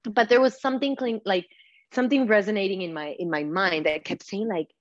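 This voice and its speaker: A woman guest on a video call, telling her story in a casual interview, animated, laughing often and acting out what people said. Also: medium pitch, a little fast, no echo, dull audio. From Panama. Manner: animated, laughing, acts out quotes, many "like" fillers. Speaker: podcast guest, yoga teacher.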